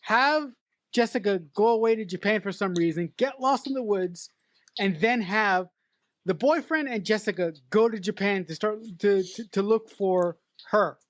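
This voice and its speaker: In a casual podcast conversation, a female co-host critiques a film forcefully, cursing as she goes. Her voice sits at medium pitch and moves at normal speed.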